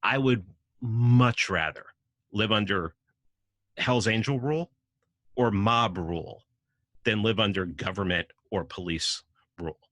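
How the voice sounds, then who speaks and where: Emphatic New man, tense and bright. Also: lowish voice, unhurried, long pauses, no room sound. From New York City. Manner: emphatic, profane, acts out quoted voices. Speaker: podcast guest. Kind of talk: casual conversational argument.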